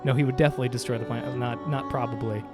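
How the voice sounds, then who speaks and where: With faint game music in the background, this man banters with his stream audience while playing, cracking jokes and voicing the in-game dialogue. He talks rapid-fire at a medium pitch, his intonation staying fairly even.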